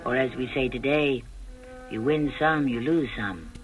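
A man hosting a radio drama, narrating in a measured, declamatory style. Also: mid-range voice, faint music behind, poor audio.

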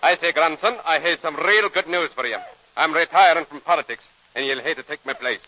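A man's voice: a little high, brisk, natural voice. An actor playing a blustering old Scottish grandfather lord with a put-on Scottish accent, in 1940s radio comedy. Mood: blustery. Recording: dull old radio recording with faint hiss.

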